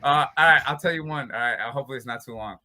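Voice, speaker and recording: A man with a very bright, sharp-edged voice spins loose, casual stories as a fighter on an interview show. He keeps slipping into laughter while he talks. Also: medium pitch, racing. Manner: laughs often while talking. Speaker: bare-knuckle fighter, interview guest. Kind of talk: casual storytelling.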